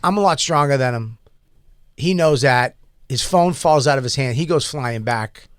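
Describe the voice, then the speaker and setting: A man telling a long, animated story in casual podcast chat and acting out the people in it. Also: mid-range voice, normal speed, dry recording, studio quality. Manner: animated, profane, acts out the people in his story. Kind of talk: casual storytelling among friends.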